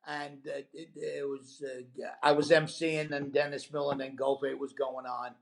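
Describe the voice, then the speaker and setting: A man's voice: medium pitch, level tone, normal speed, vocal fry. A middle-aged male comedian on a radio show, telling a rambling road story full of fillers and laughs. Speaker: comedian guest. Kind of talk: casual storytelling interview. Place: radio studio.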